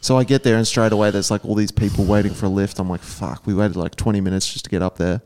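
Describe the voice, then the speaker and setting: A man's voice: on the low side, steady tone, racing, dark tone, slight background noise. A man co-hosting a casual podcast, telling stories with dry, wry remarks. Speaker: podcast co-host.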